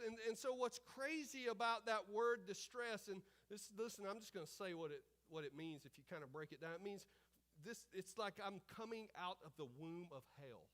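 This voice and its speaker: A man's voice: high-pitched, expressive, normal speed, a bit bright. A male pastor preaching a sermon at a church service, repeating key phrases and calling out to the congregation.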